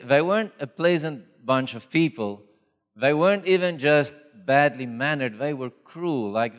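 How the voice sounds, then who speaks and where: A man preaching a sermon as pastor, in a conversational, animated storytelling manner with acted quotes. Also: mid-range voice. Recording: reverberant hall.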